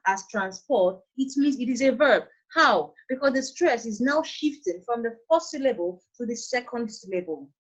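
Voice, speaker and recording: A woman's voice: fairly high pitch, breathy edge. A woman with a Nigerian accent teaching an online English lesson, patient and repeating her points. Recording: dull lo-fi online class audio.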